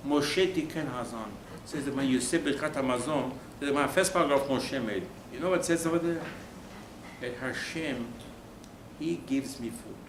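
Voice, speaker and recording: Male rabbi, sermon, fairly high voice, rhetorical questions, echoey room, faint background noise. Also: sharp tone. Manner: emphatic, with rhetorical questions and sudden drops to near-whisper. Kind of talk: Torah sermon.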